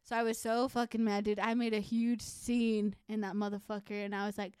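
A young woman co-hosting a podcast, telling stories in a profane, animated, casual way. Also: mid-range voice, fairly quick, clean tone, dry recording, studio quality. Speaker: podcast co-host. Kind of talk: casual chat.

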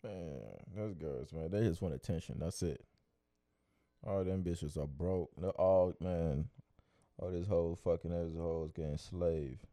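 Man, podcast co-host, casual chat, blunt, animated, low mellow voice. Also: unhurried, dry recording, studio quality.

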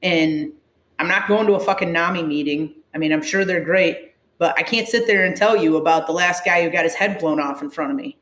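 A woman's voice: lowish voice, a little fast, fairly bright tone. Blunt, profane woman in an echoey room. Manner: blunt, profane, emotional storytelling. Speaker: first responder guest. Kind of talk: candid interview storytelling.

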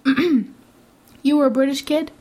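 A woman's voice: high voice, a little mellow. A woman co-hosting a casual film review chat, teasing and laughing often. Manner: giggly, teasing, quick to question. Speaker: film review podcast co-host.

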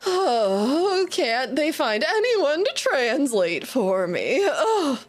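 A woman's voice: high voice, very animated, very slow, voice pushed up, full character voice. A woman voicing a haughty, snobbish female unicorn who speaks in dramatic, exasperated sighs.

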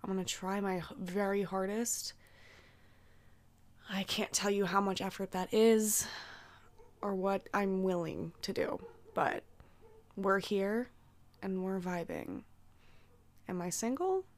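A woman's voice: mid-range voice, steady tone, slow, long pauses. A young woman chats alone on her own podcast while sick, her voice a bit throaty. She rambles casually, swears freely and fills her sentences with "like". She laughs easily at her own tangents. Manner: laughs and squeals at herself. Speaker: podcast host. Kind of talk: casual solo podcast chat.

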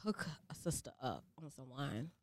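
Teasing, lively woman podcast co-host. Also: very deep voice, normal speed, no room sound, clean studio sound. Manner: playful teasing, laughs often. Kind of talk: casual chat.

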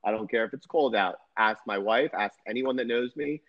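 A man's voice: on the low side, fairly quick. Rambling man in his thirties, dull sound. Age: 30s. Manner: rambling, repeats himself. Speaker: podcast co-host. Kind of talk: casual chat.

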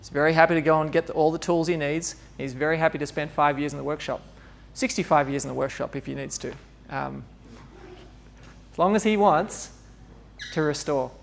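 A man's voice: fairly high pitch, brisk, vocal fry. A man giving an informal, conversational sermon, laughing often and acting out bits of dialogue. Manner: chatty, laughing asides, acts out dialogue. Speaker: preacher.

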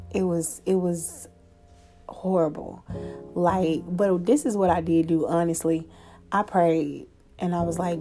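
A woman's voice: on the low side, mellow. Candid young woman telling a story. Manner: candid, profane, conversational with fillers. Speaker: podcast host. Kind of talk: casual storytelling monologue.

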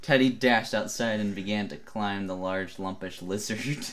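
A man co-hosting a comedy podcast, reading absurd fan fiction aloud in a mostly flat voice and often breaking into laughter. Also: fairly low pitch, measured pace, slight background noise.

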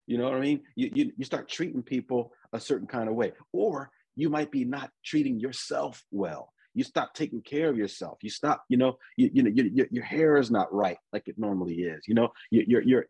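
A man preaching a conversational sermon, often repeating and restarting his words and reading scripture slowly. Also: mid-range voice, a little mellow, slightly rough, no echo, rough recording.

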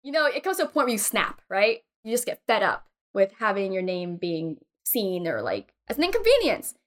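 A woman's voice: medium pitch, moderate pace. A young woman from Texas, an actress, chatting casually and telling a story with lots of laughter. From Texas, USA. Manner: animated storytelling, acts out other people in squealing voices, laughs often. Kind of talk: casual podcast chat.

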